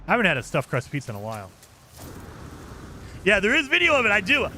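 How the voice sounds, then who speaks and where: A man chats casually on a game stream and answers viewer comments as he goes. His voice sits fairly high and swings a lot in pitch. A faint background hum runs under him. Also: huge pitch swings, fast, pushed and bright. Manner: chatty, reacts to viewer comments, frequent fillers. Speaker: gaming streamer. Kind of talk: casual chat with live chat.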